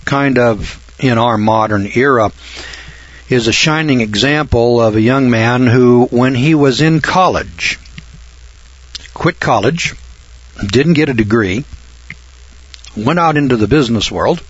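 Older male storyteller, husky voice, halting folksy delivery, dry and slightly muffled recording. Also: mid-range voice, no echo. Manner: rambling, halting delivery with frequent clears of the throat. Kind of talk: folksy spoken anecdote.

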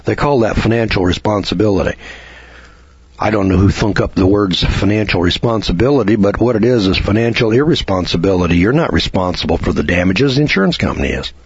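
A middle-aged man lectures on a radio program with a folksy, storytelling manner and plenty of rhetorical questions. His voice is fairly low and husky. The recording is dry and lo-fi. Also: expressive, fairly quick, no echo.

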